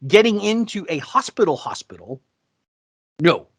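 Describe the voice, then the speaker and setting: Higher-voiced man telling stories, dry sound. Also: moderate pace, breathy edge, no echo. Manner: animated, acts out quoted voices. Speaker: podcast co-host. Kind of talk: casual storytelling chat.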